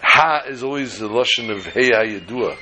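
A man's voice: mid-range voice, normal speed, a little hiss or hum, low-quality recording. Man telling a sermon story. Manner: animated storyteller acting out dialogue.

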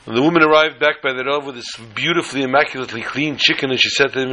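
A man giving a storytelling sermon as a religious teacher, animated and emphatic, piling up repeated phrases. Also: medium pitch, very fast, few pauses, rough recording.

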